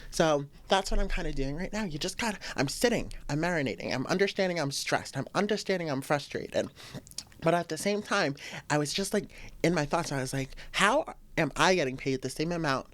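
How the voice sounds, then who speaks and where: A woman's voice: a little fast, no echo. A young woman hosting a casual solo podcast, venting animatedly with frequent laughs. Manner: animated, venting, laughs often, swings to high exclamations. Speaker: podcast host.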